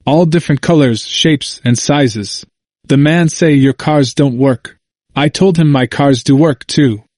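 A man's voice: a little high, unhurried, darkish tone, dry recording, clean studio sound. A man reading an audiobook voices a confused, frightened older man who speaks emphatically in a plain dialect and repeats himself. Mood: emphatic.

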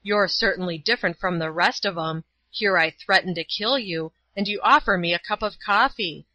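A woman voicing a drunken, threatening brute of a man who talks loudly and slowly. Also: mid-range voice, dry recording, lo-fi sound, natural voice. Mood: gruff. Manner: loud, slow and bullying.

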